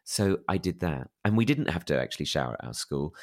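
Deep-voiced man with a plummy posh accent. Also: big pitch swings, brisk. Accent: posh English. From England. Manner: self-deprecating, candid, with many fillers and restarts. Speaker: interview guest. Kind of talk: candid personal storytelling.

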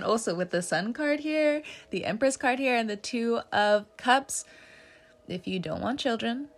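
A woman's voice: a little high, animated, measured pace, soft background music. A woman giving a casual tarot reading, chatty and joking, laughing often and swearing now and then. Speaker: tarot reader.

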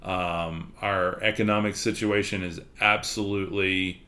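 A man's voice: low voice, level tone, a little slow, sharp tone. A man with a Texas accent hosting a podcast livestream, chatting candidly and rambling, with plenty of fillers. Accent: Texan. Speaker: podcast host. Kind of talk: casual livestream chat.

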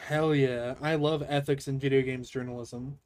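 A man's voice: medium pitch, fairly even intonation, moderate pace, darkish tone. A young man co-hosting a podcast review, joking crudely and laughing often. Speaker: podcast co-host. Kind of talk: casual review chat.

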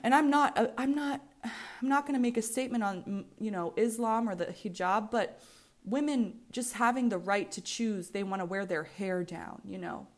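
A woman's voice: medium pitch, normal speed. A woman in her twenties with an American accent, hosting a solo podcast in a candid, rambling way, swearing freely and often restarting her sentences. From United States. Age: 20s. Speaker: podcast host.

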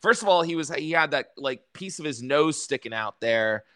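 A young man hosting a casual racing chat, excited and swearing freely. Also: on the high side, moderate pace, clear, resonant tone, no echo, studio quality. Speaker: podcast host.

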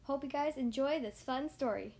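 A woman hosting a podcast, reading a children's picture book aloud with a lively, expressive delivery. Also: sits high, moderate pace. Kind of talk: storybook read-aloud.

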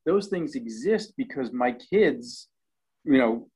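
A middle-aged man, a cookbook author, chatting as a guest in a relaxed interview, hesitant with lots of ums and restarts. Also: mid-range voice, a little slow, husky, low-quality recording. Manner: hesitant, many ums and restarts, chuckling asides. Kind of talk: casual interview chat.

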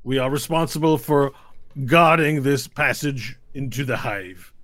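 Pompous knight captain yelling orders, loud and high, a guy doing the voice. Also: measured pace, no echo, close to an everyday voice. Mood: commanding.

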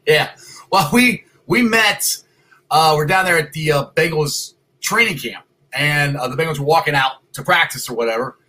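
A middle-aged man hosting a casual sports talk show from his son's house, excited and rambling, with loud greetings. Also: a little high, moderate pace.

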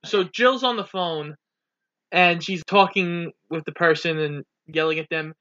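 A man's voice: fairly high pitch, measured pace, pushed and bright, lo-fi sound. A man co-hosting a casual podcast, recapping a film's plot in a plain storytelling way. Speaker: podcast co-host. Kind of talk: casual chat, recapping a film.

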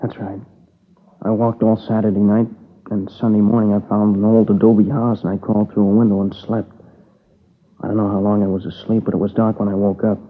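A man's voice: on the low side, flat delivery, natural voice. An actor playing an exhausted, tearful young man who halts and speaks in a subdued voice as he recounts his friend's murder. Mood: weary. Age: young adult. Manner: halting, subdued, weary. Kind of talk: dramatic dialogue. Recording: tinny lo-fi old broadcast.

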